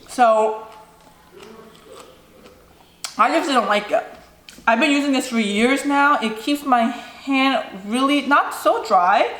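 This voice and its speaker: A woman's voice: a little high, fairly bright tone. Chatty young woman in an echoey room. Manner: chatty, lots of "like" and "you know". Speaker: vlogger. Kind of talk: casual Q&A chat.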